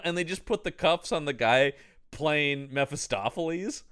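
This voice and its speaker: A man co-hosting a casual movie review podcast, mocking a film and acting out scenes in sudden high voices. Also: moderate pace, a bit bright, no echo, clean studio sound. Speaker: podcast co-host.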